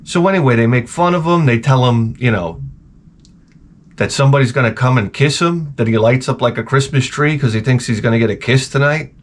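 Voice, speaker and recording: A man rambling in a casual, profane rant full of dark jokes, as a gaming vlogger. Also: mid-range voice, a little fast. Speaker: retro gaming YouTuber.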